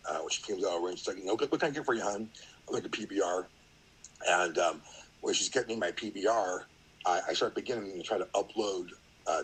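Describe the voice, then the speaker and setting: A man's voice: low-pitched, a little hiss or hum, poor audio. A middle-aged man, a podcast guest, telling a story in a rambling, casual way, full of fillers and acted-out quotes.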